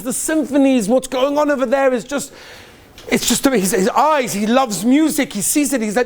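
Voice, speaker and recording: A man's voice: sing-song, a little fast. A man, a rabbi, welcoming yeshiva students with parables, acting out the characters and sprinkling in Yiddish and Hebrew words. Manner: storytelling, acts out characters with big pitch swings. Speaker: rabbi giving a welcome talk. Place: yeshiva hall.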